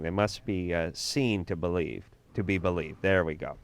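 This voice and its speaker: Joking male radio host, smooth and low. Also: normal speed, dry recording. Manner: upbeat, joking, reads promos with many fillers. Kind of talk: late-night radio call-in show.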